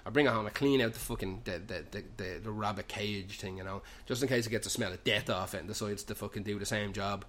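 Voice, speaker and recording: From a pub, a young male podcast host with an Irish accent and Dublin slang tells a rambling comic anecdote loaded with swearing. His voice is fairly low and a bit bright, and he talks fast with few pauses in loose, run-on storytelling over slight background noise.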